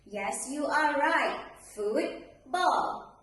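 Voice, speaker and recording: A woman teaching an English grammar lesson to pupils, speaking slowly and clearly in a sing-song way. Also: high-pitched, big pitch swings. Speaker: primary school English teacher. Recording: echoey room, distant mic, faint noise.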